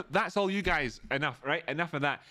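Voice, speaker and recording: A man's voice: on the high side, moderate pace, bright, forceful tone, dry recording, studio quality. A man hosting a casual live stream. He rambles chattily, greets viewers by name and goes off on tangents.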